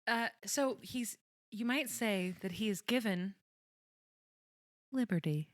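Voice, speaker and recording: A woman's voice: mid-range voice, no room sound, clean studio sound. A woman co-hosting a podcast, chatting casually and jokily about a TV episode. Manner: animated, giggly, quick to joke. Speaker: podcast co-host. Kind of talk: casual chat recapping a TV episode.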